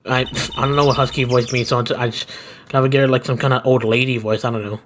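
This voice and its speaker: A man's voice: medium pitch, little pitch movement, fast talker, a bit bright, slight background noise. A man breaking off from a fan game dub to ramble unsurely about his voice choices. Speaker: fan dubber. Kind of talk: aside commentary during a game dub. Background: game music.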